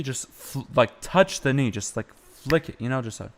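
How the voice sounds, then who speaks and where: A young man teaching chant on a live stream, explaining slowly and breaking into short sung phrases. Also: mid-range voice. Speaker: music teacher.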